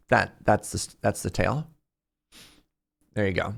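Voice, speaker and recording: A man's voice: lowish voice, fairly even intonation, moderate pace, vocal fry, long pauses, a bit bright. A man streaming live, chatting casually with his viewers in a jokey, talkative way and laughing often.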